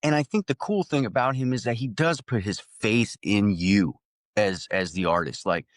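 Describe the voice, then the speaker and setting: A man's voice: fairly low pitch, moderate pace, no echo, studio quality. A young adult man, an actor guest, telling a story casually and animatedly, laughing often and restarting sentences.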